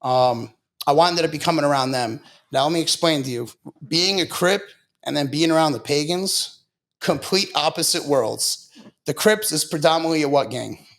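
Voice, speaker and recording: A man's voice: a little high, animated, normal speed, fairly bright tone. A man from Long Island, a podcast guest, telling his story in a blunt, profane, casual way and saying "bro" a lot. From Long Island, New York.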